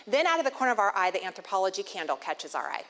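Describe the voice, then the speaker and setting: A woman's voice: medium pitch, very animated, very fast, a bit bright. A woman in her thirties giving a humorous inspirational talk to an audience, telling candid, self-deprecating stories. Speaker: speaker addressing an audience. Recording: long hall reverb, faint noise.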